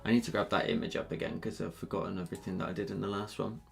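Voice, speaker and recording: A deep-voiced man with a Scottish accent and a gravelly edge talks through a live digital painting tutorial. He is chatty and joking as he answers viewers between steps. Faint music plays softly behind him. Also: fairly even intonation, very fast. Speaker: livestreaming digital artist. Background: faint background music.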